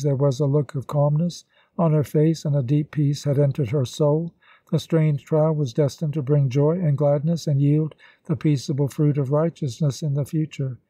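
A man narrating a classic novel as an audiobook, reading in a steady, even manner. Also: on the high side, breathy edge, no echo.

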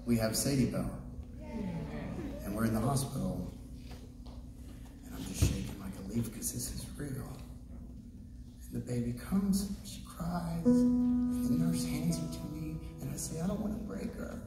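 A man tells a story from a theater stage, earnest, moving between hushed moments and loud, excited bursts. His voice is heard from far off, echoing heavily through the hall, with music playing underneath. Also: mid-range voice, a little slow, pauses often.

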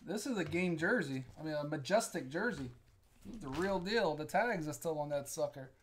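An excitable host giving live commentary while opening sports cards, exclaiming over the pulls. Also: medium pitch, moderate pace, a little hiss or hum. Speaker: sports card break host. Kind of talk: live card-break commentary.

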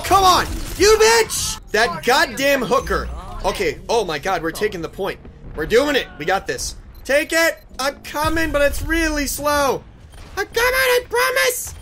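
In live commentary over a team shooter, a gaming YouTuber curses frantically and yells at teammates. His voice is high, with slight background noise.

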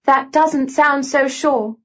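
A woman's voice: slow pace, dull audio. A woman reading an audiobook voices an earnest young woman pleading urgently. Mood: gentle. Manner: urgent, pleading, raised pitch. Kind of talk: audiobook dialogue.

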